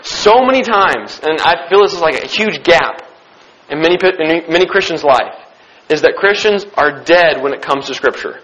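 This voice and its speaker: A man's voice: on the high side, animated, normal speed, a bit bright. A young man giving an earnest sermon, repeating his key phrases for emphasis. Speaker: Christian speaker. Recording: dull lo-fi recording.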